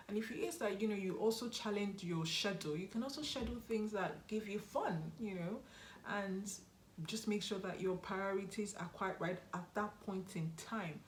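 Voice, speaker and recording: A woman's voice: lowish voice, a little hiss or hum. A young woman giving earnest, encouraging advice on a motivational vlog and repeating her key points. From Nigeria. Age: young adult. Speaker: YouTube host. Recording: roomy echo.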